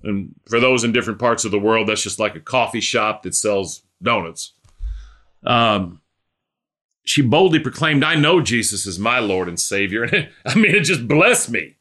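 A man's voice: medium pitch, fairly bright tone. A man preaching a sermon, telling a story and building to emphatic exhortation.

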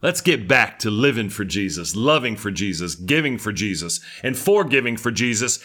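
A man's voice: fairly low pitch, sing-song, moderate pace, few pauses, bright, forceful tone. A middle-aged man preaching a sermon, fervent and emphatic, with lots of repetition.

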